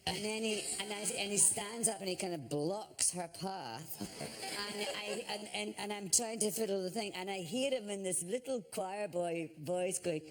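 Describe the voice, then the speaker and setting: A woman's voice: medium pitch, normal speed, crowd noise. Chatty woman telling a story. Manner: chatty, self-mocking, full of fillers and restarts. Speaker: talk show guest. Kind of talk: animated anecdote telling. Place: television studio with live audience. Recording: studio audience laughter.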